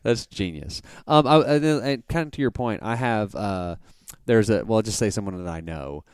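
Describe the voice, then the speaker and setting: Low-voiced man co-hosting a podcast. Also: animated, normal speed, clean tone, no room sound, clean studio sound. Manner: rambling, joking, many restarts. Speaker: podcast co-host. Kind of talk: casual chat.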